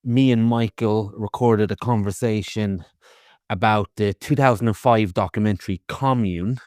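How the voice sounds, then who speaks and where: A man's voice: on the low side, moderate pace, a little mellow, no echo, studio quality. An Irish man casually explaining in a podcast voice note. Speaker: podcast host. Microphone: phone voice note.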